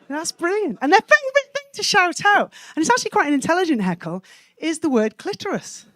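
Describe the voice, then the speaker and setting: A woman from Wales performing a cheeky stand-up set, landing punchlines deadpan on a comedy club stage. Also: high-pitched, fast talker, no echo.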